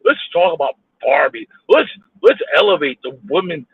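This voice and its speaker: The man's voice sits on the high side, creaky and husky, with big pitch swings and a moderate pace. He's a vlogger stuck in traffic, ranting alone in his car on a live stream, exasperated, swearing and repeating himself, with tinny phone-like audio.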